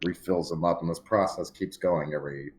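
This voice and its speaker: A man narrating as game master of a tabletop game, in measured, thoughtful monologues. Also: low voice, steady tone, a little hiss or hum.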